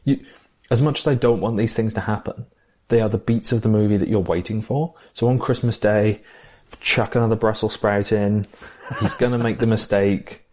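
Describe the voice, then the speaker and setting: A man's voice: fairly low pitch, fairly even intonation, normal speed, a little mellow. A man chatting casually about a favourite film, enthusiastic and reflective. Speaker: film podcast co-host.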